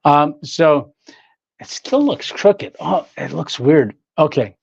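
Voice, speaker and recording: An older man hosts a casual home livestream, telling rambling stories and reading viewers' comments aloud with frequent laughs. His voice sits a little high and the talk moves slowly. The sound is dry and a bit dull, like a lo-fi stream. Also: expressive, vocal fry, breathy edge, no room sound. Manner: rambling storyteller, reads chat aloud, laughs often. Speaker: livestream host.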